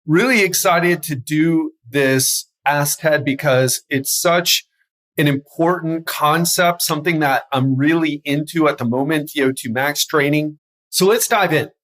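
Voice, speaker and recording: A man hosts a health podcast as a coach, speaking alone at a measured pace in a slightly high, fairly bright voice. He talks energetically but stumbles over his words now and then.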